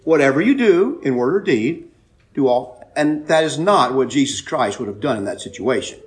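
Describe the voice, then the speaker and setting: A man preaching a sermon, telling a personal story with loud emphatic bursts and quiet asides. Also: mid-range voice, animated, moderate pace. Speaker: pastor.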